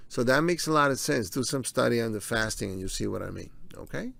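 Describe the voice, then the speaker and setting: A man's voice: medium pitch, expressive, fast, creaky, fairly bright tone, dry recording. A man giving a casual explainer talk, speaking conversationally, repeating his key points and talking viewers through slides. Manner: walks through on-screen slides. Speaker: presenter of a health video.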